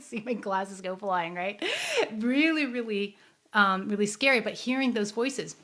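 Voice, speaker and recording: A woman, a psychic medium hosting her own show, telling her life story in a casual, earnest and emotional way, her voice softening when sad memories come up. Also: mid-range voice, normal speed. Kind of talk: casual personal storytelling to a live audience.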